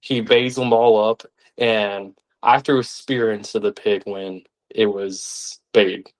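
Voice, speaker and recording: A young man, telling stories as a podcast guest in an animated way, sometimes acting out the voices of others. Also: on the low side, takes it slowly. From Arkansas, United States. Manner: animated, acts out quoted voices. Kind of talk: casual storytelling.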